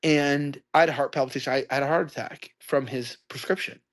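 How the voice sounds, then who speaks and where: A man telling a long rambling story in a loud, ranting way. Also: mid-range voice, fairly even intonation, fast talker. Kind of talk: ranting monologue.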